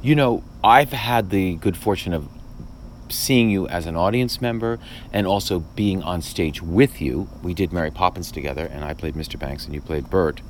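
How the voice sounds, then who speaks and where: A man's voice: deep voice, normal speed, slight background noise. A man, a playwright hosting a podcast, speaking thoughtfully in casual conversation with frequent restarts. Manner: thoughtful, restarts often, animated asides.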